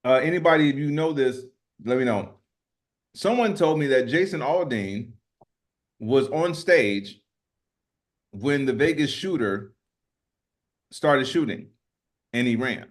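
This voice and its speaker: A man co-hosting a comedy podcast, telling stories and making points in an emphatic, rushed way. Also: mid-range voice, animated. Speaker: podcast co-host. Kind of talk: casual comedic chat.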